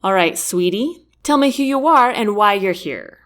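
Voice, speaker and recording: A woman's voice: medium pitch, animated, normal speed, fairly bright tone, close to an everyday voice. A woman voicing a cocky young male sailor in a storybook, smug and drawling. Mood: smarmy.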